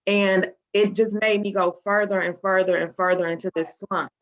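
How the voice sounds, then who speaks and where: A woman's voice: medium pitch, fairly even intonation, moderate pace. A woman team member sharing a personal testimony on a group call, earnest and close to tears. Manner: earnest, emotional. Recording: dull lo-fi sound.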